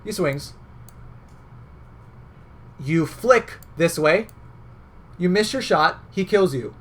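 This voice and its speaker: With a high, expressive, fairly bright voice and a slow pace, a young man casually coaches a game. His talk is conversational and filler-heavy, and he keeps tagging on "right?"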